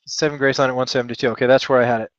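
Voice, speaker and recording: A man's voice: mid-range voice, level tone, rapid-fire, no room sound, lo-fi sound. A man from Texas hosting a live trading lesson, thinking aloud in a chatty, joking and self-deprecating way with rambling asides. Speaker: trading webinar host.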